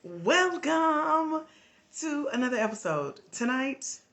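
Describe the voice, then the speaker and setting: Sleepy Southern woman, bright voice. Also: high-pitched, big pitch swings, slow pace. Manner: drawling, laughing, chatty. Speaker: life coach. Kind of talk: casual live stream talk.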